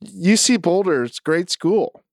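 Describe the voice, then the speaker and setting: A man's voice: sits high, expressive, a little slow, no echo, studio quality. A middle-aged man co-hosting a podcast, telling stories in casual chat with emphatic swearing. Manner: profane, emphatic storyteller. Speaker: podcast co-host.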